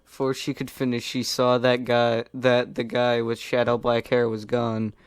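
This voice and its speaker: A man's voice: mid-range voice, completely flat delivery, unhurried, clean tone, dry recording. A man casually reading fan fiction aloud, giggling and rambling in asides, some whispered. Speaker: reader.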